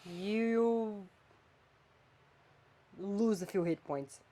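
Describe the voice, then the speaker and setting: A woman's voice: mid-range voice, extremely slow. Chatty woman podcast host. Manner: animated, chatty, swings between flat and emphatic. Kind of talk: casual chat.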